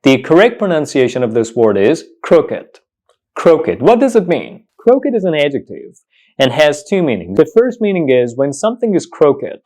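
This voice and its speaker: A man's voice: fairly high pitch, sing-song, a little mellow. Emphatic man drilling word pronunciation. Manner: slow, emphatic, repeats words for drilling. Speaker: English pronunciation teacher. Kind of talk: online pronunciation lesson.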